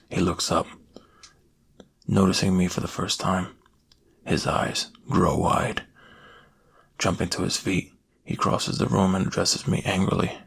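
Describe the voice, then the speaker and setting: A man giving a slow, hushed first-person reading of a creepy story in soft-spoken ASMR narration, close to the mic. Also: low voice, flat delivery, creaky, slightly rough.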